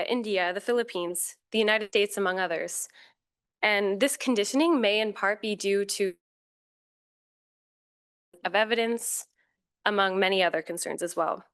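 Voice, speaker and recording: A woman giving a formal, measured academic talk as a conference panel speaker, with occasional fillers and self-corrections. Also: medium pitch, fairly bright tone, smooth.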